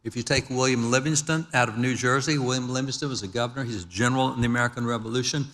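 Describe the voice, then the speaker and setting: A man's voice: medium pitch, racing, a bit bright. An older man giving an emphatic lecture-style speech at a gala, walking through slides and reading quotes aloud. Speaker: historical speaker at a gala. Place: large event hall. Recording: hall reverb from event PA.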